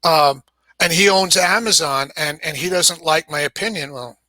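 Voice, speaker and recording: New York man, bright dry voice. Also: fairly high pitch, normal speed, no room sound. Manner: thoughtful, many restarts and repeated words. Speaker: game publisher guest. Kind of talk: casual discussion.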